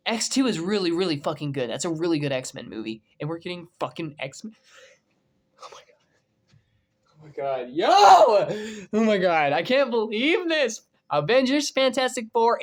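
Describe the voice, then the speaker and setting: An excitable young man talks through movie casting news in a casual vlog. His voice swings widely in pitch, and he curses freely and bursts into shouts of disbelief, then settles back into musing. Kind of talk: casual reaction commentary.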